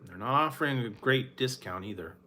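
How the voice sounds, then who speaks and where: Laid-back rambling man, bright voice. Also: fairly low pitch, brisk, slight background noise. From Northern California. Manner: rambling, laughs often, sighs. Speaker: food reviewer. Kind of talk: casual late-night chat.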